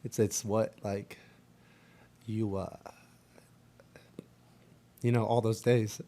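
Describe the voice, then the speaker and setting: Halting low-voiced man at a press conference. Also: flat delivery, dark tone. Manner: halting, with many fillers and restarts. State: choked up, near tears. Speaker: baseball pitcher at a press conference.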